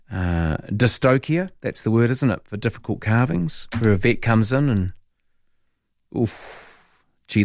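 A man's voice: mid-range voice, dry recording, clean studio sound. A man with a New Zealand accent hosting late-night talk radio, chatting in a rambling way with asides to listeners. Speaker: overnight talk radio host. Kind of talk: casual call-in radio chat. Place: radio studio. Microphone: studio microphone.

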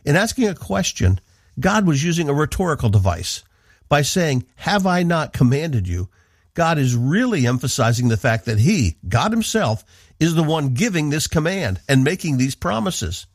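A man's voice: on the high side, sing-song, normal speed, breathy edge, no echo. A man from the northeastern United States, a radio Bible teacher giving an earnest, emphatic devotional talk into a studio microphone.

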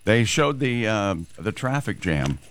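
A man co-hosting a morning radio show, cracking quick jokes and reading out news. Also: lowish voice, big pitch swings, a bit bright.

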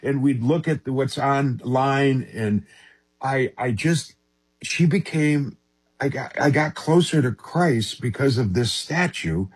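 A man, an interview guest, telling a personal story in an earnest, halting way with frequent restarts. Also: mid-range voice, lively intonation, slightly rough.

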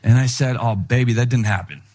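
A middle-aged man preaching a sermon in an animated, conversational way, acting out the people he quotes. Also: medium pitch, fairly quick. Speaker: pastor.

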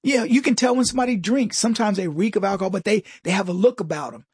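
A middle-aged man delivering a comedic political monologue, mocking and jokey, with quick asides and mimicked voices. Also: sits high, a little mellow, breathy edge, no room sound, studio quality. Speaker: commentary host.

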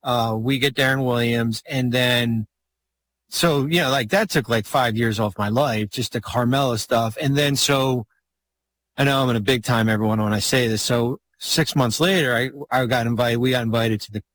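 A man's voice: medium pitch, moderate pace, dry recording. Rambling man telling a story. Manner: rambling, animated, many restarts and fillers. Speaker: guest storyteller, former basketball executive. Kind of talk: casual podcast storytelling.

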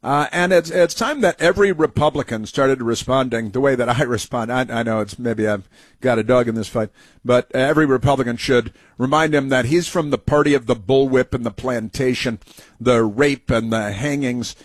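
A man's voice: mid-range voice, moderate pace, no room sound. A male talk show host delivers scornful, sarcastic commentary between clips. His voice sits in an ordinary middle range and comes through a close, completely dry studio mic with no room sound at all. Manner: mocking, sarcastic running commentary. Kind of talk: political commentary over clips.

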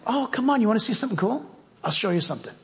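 A preacher doing a scheming lion uncle. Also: male voice, high-pitched, expressive, racing, creaky, fairly bright tone, big-room sound, heavily acted. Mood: coaxing.

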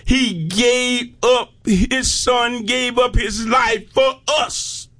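A man preaching a fervent sermon, rising into shouted peaks and stretching out his phrases. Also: extremely high pitch, fairly even intonation, drawn-out words.

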